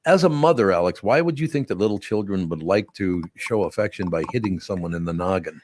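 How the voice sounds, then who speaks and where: A man's voice: low-pitched, animated, fairly quick, a little mellow, slight background noise. An older grandfather hosting a casual family chat, rambling and chatty with lots of fillers. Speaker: host, grandfather.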